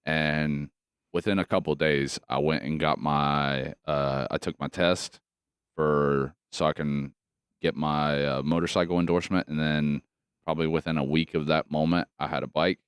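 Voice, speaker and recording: A man's voice: extremely low pitch, normal speed, clean tone, dry recording, studio quality. A man co-hosting a podcast, telling long profane stories in casual chat. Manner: profane, animated storytelling. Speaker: podcast co-host.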